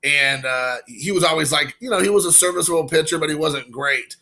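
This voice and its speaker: Casual card vlogger, man in his forties from Indiana; gravelly, bright, gushing and rambling. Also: on the high side, a little fast. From Indiana, USA. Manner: excited, emotional, rambling with fillers. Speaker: baseball card collector vlogger. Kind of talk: casual card-opening vlog.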